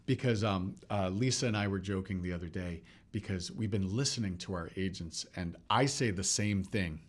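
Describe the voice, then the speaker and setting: A man speaking as a real estate broker guest in an interview, agreeable and quick to affirm what the host says. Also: sits low.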